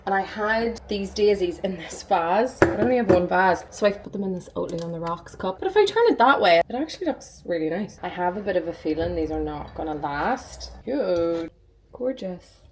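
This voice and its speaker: A woman's voice: lowish voice, fairly quick, hardly any pauses, noisy background. A young woman vlogging casually at home and in her car, gushing and chatty, swearing now and then. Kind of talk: casual vlog chat. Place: hot flat and car.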